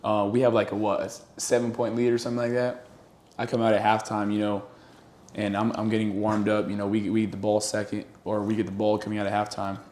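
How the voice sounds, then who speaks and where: A young athlete recounting a game moment in a relaxed, easygoing way. His voice sits in the middle range. The room sounds echoey with a faint hiss. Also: lowish voice, quick pace. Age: young adult. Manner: relaxed storytelling. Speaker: college football player, guest. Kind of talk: casual podcast chat.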